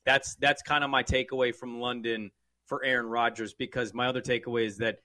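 A man's voice: medium pitch, flat delivery, bright, forceful tone, no echo. A man from the West Coast co-hosting a sports podcast, opinionated and joking in casual chat. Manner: opinionated, joking, quick asides.

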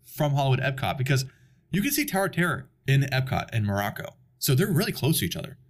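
This young man, a podcast guest, talks quickly in a mid-range voice with big pitch swings. Chatting casually, he tells a long story and acts out its characters.

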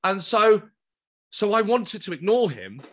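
A man telling a comic story as a podcast guest, excitable, stumbling over repeated words and laughing often. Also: high-pitched, measured pace. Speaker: comedian guest. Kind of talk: animated anecdote telling.

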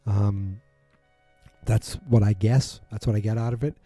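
A man in casual chat, rambling through a TV episode recap with many fillers and quick acted-out quotes. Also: lowish voice, fairly even intonation, dark tone, dry recording, faint music behind. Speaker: podcast host recapping a TV drama.

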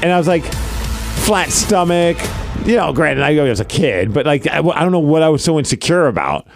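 A man co-hosting a podcast in casual chat, an animated storyteller who laughs often. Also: fairly high pitch, moderate pace, vocal fry, over music. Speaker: podcast co-host.

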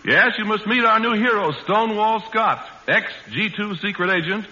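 Male announcer, hearty sell, fairly high and bright, vintage lo-fi radio. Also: normal speed. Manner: hearty, promotional. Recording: dull old radio broadcast.

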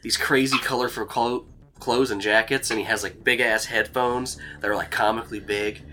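A man's voice: medium pitch, steady tone, moderate pace, pushed and bright. A young man running a tabletop game, narrating in a rambling, filler-heavy way and chuckling as he goes, with music playing behind. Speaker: game master.

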